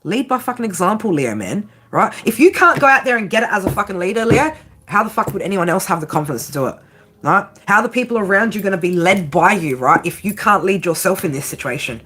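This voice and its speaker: A woman's voice: medium pitch, animated, quick pace, fairly bright tone, slightly rough. A woman tarot reader giving a blunt, profane pep talk, peppering her lines with "right?" and "okay?". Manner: repeats "right?" and "okay?" constantly. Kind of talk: tarot reading monologue.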